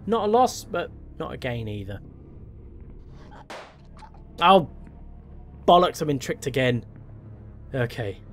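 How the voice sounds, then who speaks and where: In a mid-range voice with big pitch swings, a man plays a horror game slowly, pausing often as he thinks aloud. His commentary is wry and self-mocking, with faint game music in the background.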